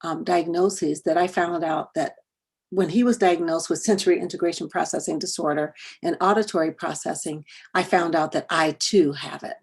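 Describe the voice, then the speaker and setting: A woman's voice: on the low side, fairly even intonation, normal speed, creaky, husky. A middle-aged woman presenting a workshop, telling a personal story in a conversational way and often repeating words. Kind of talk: storytelling talk to parents and educators.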